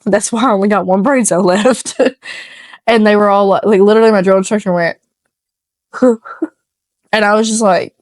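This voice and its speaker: Woman podcast co-host, chatty storyteller, laughs often, swears freely, dry close sound, mid-pitched voice. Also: steady tone, moderate pace, pauses often, darkish tone, no echo. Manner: rambling storyteller who laughs a lot and swears casually. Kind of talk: casual podcast chat.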